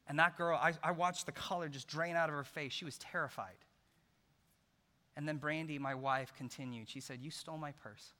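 Middle-aged male pastor, bright, slightly high voice, storytelling sermon with loud-to-hushed dynamics, reverberant hall. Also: normal speed. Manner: storytelling, swinging between loud emphasis and hushed soft passages. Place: large church hall.

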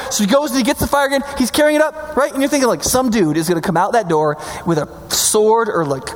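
A man teaching Bible stories in a casual, jokey way, animated and acting out quotes, with frequent "right?" asides. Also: extremely high pitch. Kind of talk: casual storytelling lecture. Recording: long hall reverb.

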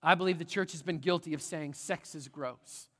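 A middle-aged man preaching to his congregation in a lively, conversational way, often pausing to check in with them. His voice sits a little high for a man. The sermon rings out with the long reverb of a big church hall. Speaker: pastor. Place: large church sanctuary.

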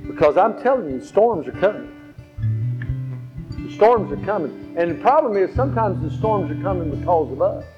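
Speaking in a high, sing-song voice at a moderate pace, a male pastor preaches through stories, repeating phrases for emphasis. Faint guitar can be heard in the slightly dull recording.

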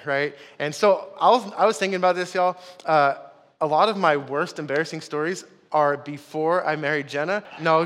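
A man's voice: a little high, fairly bright tone. A young man, a pastor, telling a story in a sermon and calling the congregation y'all. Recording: long hall reverb.

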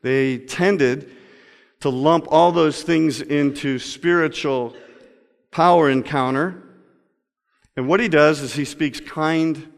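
A male pastor delivering a sermon, moving between loud emphatic stretches and slow, quiet reading. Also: on the high side, gravelly. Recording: long reverb of a large hall.

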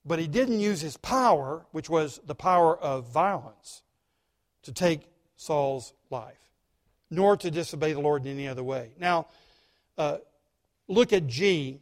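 A male pastor preaching a sermon, emphatic and dramatic, dropping to quiet asides between stressed points. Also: on the high side.

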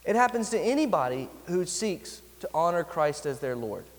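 A man's voice: fairly high pitch, big pitch swings. Man preaching in a reverberant hall. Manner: earnest preaching with slowed emphatic phrases. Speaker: pastor. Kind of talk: sermon.

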